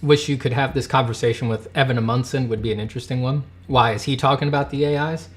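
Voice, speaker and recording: A man in his thirties hosting a livestream, reading chat and ranting in a heated voice that swings from shouting to muttering, often swearing. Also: medium pitch, fairly even intonation, fast. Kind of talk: casual livestream rant.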